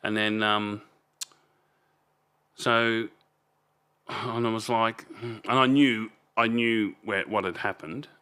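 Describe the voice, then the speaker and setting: Casting note: Australian man, 50s, low voice, rambling podcast guest with blunt swearing. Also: fairly even intonation, takes it slowly, long pauses, pushed and bright, clear, resonant tone. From Melbourne, Australia. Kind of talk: casual storytelling.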